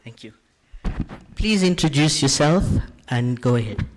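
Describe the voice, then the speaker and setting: A man's voice: medium pitch, lively intonation, measured pace, slight background noise. A man moderating a question session in a lecture hall, polite and full of fillers.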